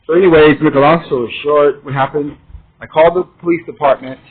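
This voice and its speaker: Man telling a rambling story, husky and tinny. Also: fairly high pitch, steady tone, fast. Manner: rambling, emphatic first-person retelling. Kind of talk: casual storytelling. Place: his studio apartment. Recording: tinny phone-like sound.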